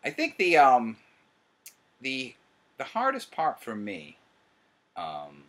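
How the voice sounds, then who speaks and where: A middle-aged man talks through a relaxed commentary with his son, his voice bright and forward. He swings up and down in pitch with lots of energy and laughs easily. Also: slow. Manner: animated, laughs often, excitable. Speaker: host. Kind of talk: casual commentary chat.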